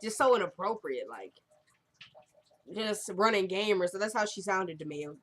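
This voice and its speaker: A woman's voice: medium pitch, expressive, moderate pace. A woman casually recapping a TV drama episode, chatty and full of fillers, acting out the characters' lines as she retells scenes.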